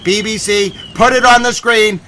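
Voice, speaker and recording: A man hosting a live stream on breaking news, talking urgently and breaking into agitated, shouted outbursts. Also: high-pitched, steady tone, moderate pace. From United States. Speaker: livestream host covering breaking news.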